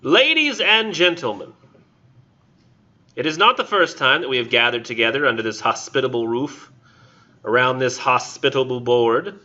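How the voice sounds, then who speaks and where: A man's voice: mid-range voice, expressive, moderate pace, sharp tone, lo-fi sound. A man reading as a stately after-dinner speechmaker. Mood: formal. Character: formal middle-aged man giving a dinner speech.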